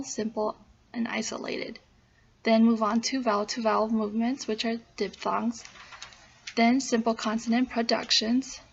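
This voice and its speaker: A woman's voice: on the high side, gravelly, a bit bright, slight background noise. A woman presenting a class talk, reading aloud and steadily listing steps in order, in a dull lo-fi recording. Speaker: student presenter.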